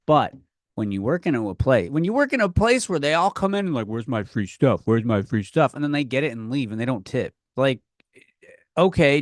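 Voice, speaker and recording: A young man hosting a comedy podcast, ranting in a rambling, profane way that swings between loud outbursts and muttering. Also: mid-range voice, no room sound, studio quality. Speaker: podcast host. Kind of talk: comedic rant.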